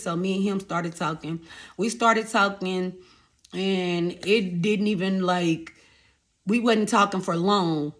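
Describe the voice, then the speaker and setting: Woman, young, vlogger storytelling straight to camera, animated, talks to viewers as y'all, mid-pitched voice. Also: slow. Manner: animated, addresses viewers as y'all, repeats phrases. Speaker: vlogger telling her life story.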